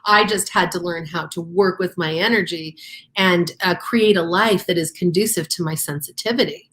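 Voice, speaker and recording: A woman with a lowish, somewhat bright voice and moderate pace co-hosts a casual talk show. In this teaching chat, she explains ideas step by step in an earnest, encouraging way.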